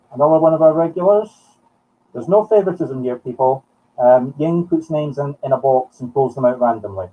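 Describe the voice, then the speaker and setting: A Scottish man working as a medium on a live broadcast, talking in halting short phrases as he thinks aloud. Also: a little high, far from the mic. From Scotland. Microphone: streaming from home. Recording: muffled sound from off the mic.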